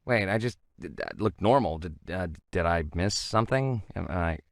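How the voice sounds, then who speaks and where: An actor playing a flustered cartoon character who stammers and hesitates. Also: male voice, low-pitched, lively intonation, moderate pace, creaky, no echo, clean studio sound.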